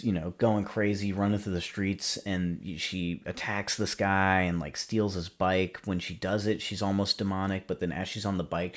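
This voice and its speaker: A man hosting a podcast, recapping a horror film in a casual, rambling way, full of "you know" and "like". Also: low voice. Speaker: podcast host.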